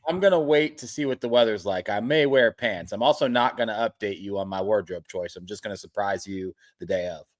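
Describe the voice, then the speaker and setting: Deadpan, teasing male co-host. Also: fairly low pitch, fairly quick, few pauses, no room sound, clean studio sound. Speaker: podcast co-host. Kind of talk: casual sports betting chat.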